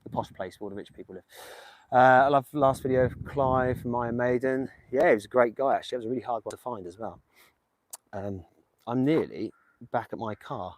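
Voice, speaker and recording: A man's voice: mid-range voice, fairly quick, a little hiss or hum. A man from England live-streaming outdoors on his phone, chatting casually with viewers in a rambling, jokey way. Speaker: livestream host visiting graves. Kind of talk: casual live stream chat reading comments. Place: outdoors, windy village. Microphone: phone held in hand.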